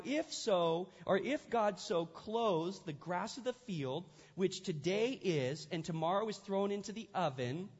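A man's voice: high voice, husky. A male pastor delivering a sermon in a conversational way, repeating his phrases for emphasis, recorded in a church sanctuary. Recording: echoey hall, dull lo-fi sound.

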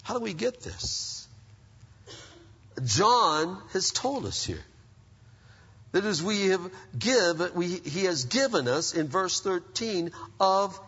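A man's voice: high-pitched, takes it slowly, breathy edge. Man preaching in a reverberant hall. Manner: animated, conversational preaching with rhetorical questions. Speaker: pastor. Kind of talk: sermon. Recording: dull sound with long reverb, as in a church hall.

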